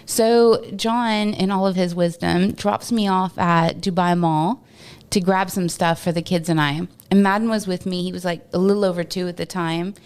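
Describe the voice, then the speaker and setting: A woman from Texas, a podcast guest, telling stories in an animated, casual way and laughing often. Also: on the low side, moderate pace, smooth. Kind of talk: casual storytelling interview.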